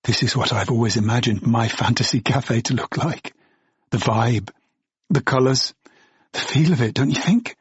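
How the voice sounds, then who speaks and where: A man voicing a breathless, effusive young woman in an audiobook, his husky voice pitched up for her. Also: moderate pace, no room sound, lo-fi sound. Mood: dreamy.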